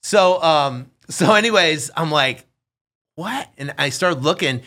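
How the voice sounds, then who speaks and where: Bright-voiced animated male storyteller. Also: on the high side, measured pace. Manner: animated storyteller, acts out quotes. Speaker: real estate investor guest. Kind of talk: casual storytelling interview.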